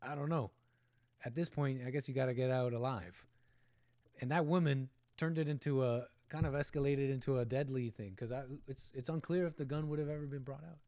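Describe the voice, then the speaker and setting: A man's voice: medium pitch, a little fast, dark tone, dry recording. A man hosting a livestream, giving rambling, opinionated commentary on a video clip and talking back at the people in it. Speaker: livestream host.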